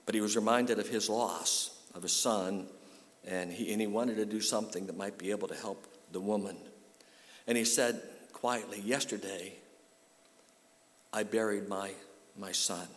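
A man's voice: on the low side, fairly even intonation, normal speed. A male pastor delivering a sermon, telling a story and then rising to a fervent call-and-response with his congregation. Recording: long hall reverb.

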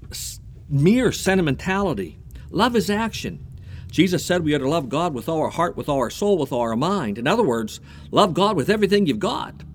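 A man preaching a sermon, animated and repeating himself as he builds his point. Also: high voice. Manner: animated preaching with repetitions and a told joke. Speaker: pastor.

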